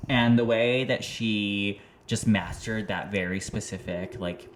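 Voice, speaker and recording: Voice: low voice, unhurried. Chatty podcaster who keeps searching for words. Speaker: podcast co-host. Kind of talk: casual chat.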